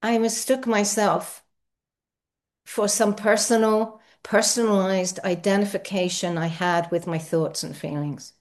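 A woman speaking at a recovery meeting, sharing her experience with frequent laughter and animated spiritual musing. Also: mid-range voice.

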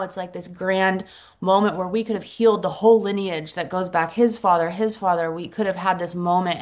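A middle-aged woman sharing her story at a support meeting, earnest and reflective, pausing often and restarting her sentences. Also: fairly low pitch. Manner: halting, earnest, reflective, many pauses and restarts. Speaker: recovery group member sharing.

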